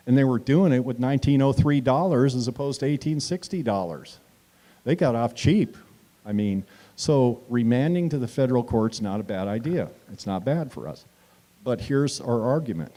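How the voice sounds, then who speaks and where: A man's voice: mid-range voice, mellow. A man giving an impassioned speech at a town hall meeting, acting out quoted exchanges and addressing the audience directly.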